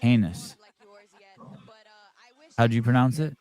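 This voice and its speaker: A man's voice: medium pitch, slow pace, darkish tone, no room sound. A man hosting a podcast, chatting casually and joking as he reacts to a sports broadcast. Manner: joking, profane, wondering aloud. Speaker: podcast host. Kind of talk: casual chat watching a broadcast.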